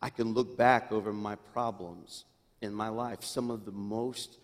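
A middle-aged man preaching a sermon as senior pastor, swinging from hushed, intimate asides to loud, rising exclamations. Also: on the low side, fairly even intonation, measured pace. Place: church sanctuary. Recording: long reverb in a church hall.

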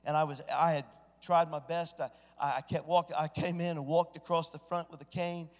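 A man preaching a sermon, swinging from hushed storytelling to loud, shouted exclamations. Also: on the high side, flat delivery, a little fast. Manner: preaching with sudden swells into shouting. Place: church. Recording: church sanctuary with long reverb.

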